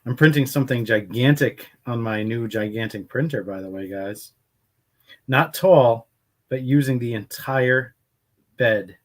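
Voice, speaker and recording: A man chatting away on a casual painting livestream, his voice sitting at a middling pitch. He rambles from topic to topic and calls out to viewers by name as he works. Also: unhurried. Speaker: livestream host painting miniatures.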